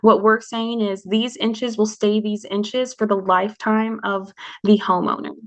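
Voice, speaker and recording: A woman's voice: medium pitch, level tone, a little slow. A woman guest in an interview, confidently explaining a product in a sales-minded way. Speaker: market development manager, guest. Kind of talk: interview answers.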